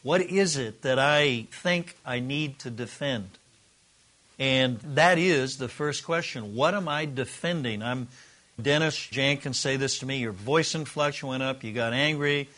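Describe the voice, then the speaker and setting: Medium-pitched and sharp in tone, this middle-aged man takes his time while teaching a relationship class to a group in a room. His style is earnest and conversational, with occasional acted-out sample dialogue.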